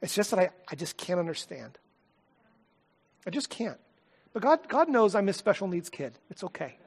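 A man preaching a sermon, telling a personal story in an earnest, heartfelt way and often dropping to a soft, quiet voice. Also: sits high, big pitch swings, normal speed, breathy edge. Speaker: pastor.

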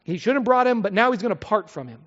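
A middle-aged man preaches in a chatty, expressive way, tossing out rhetorical questions and side remarks. His pitch rises and falls freely. The sound carries a long church-hall echo and is a little dull. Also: fast talker. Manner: lively, conversational preaching with asides and rhetorical questions. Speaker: pastor. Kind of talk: expository sermon.

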